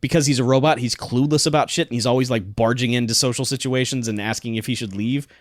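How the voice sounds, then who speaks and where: A man chatting loosely about games on a podcast, wandering through his thoughts and often breaking into laughter. His voice is mid-pitched and recorded close, with hardly any room sound. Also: fairly even intonation, fast talker, dry recording. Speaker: podcast co-host. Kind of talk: casual chat.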